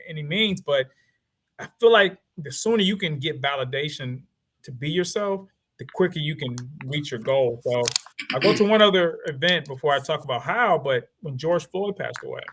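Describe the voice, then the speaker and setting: Animated man with a country twang. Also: a little high, normal speed, a little hiss or hum. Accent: Southern US country twang. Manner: animated storytelling, acts out quoted voices. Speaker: lawyer and podcast guest. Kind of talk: casual interview talk.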